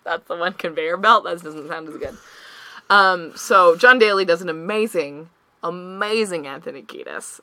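A woman co-hosting a casual podcast, talking in a quick, jokey way and swearing freely. Her voice sounds bright and forceful. The sound is dry and close, with no room echo. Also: on the low side. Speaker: podcast co-host. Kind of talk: casual chat.

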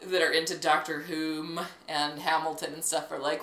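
A woman co-hosting a casual chat podcast, animated and swearing freely, with bursts of jokey posh voices. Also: low voice, normal speed, few pauses, echoey room. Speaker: podcast co-host.

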